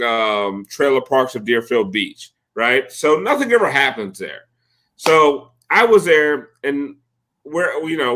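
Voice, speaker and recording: A man telling a profane, animated story in a casual podcast chat, acting out the quotes. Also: mid-range voice. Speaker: podcast host.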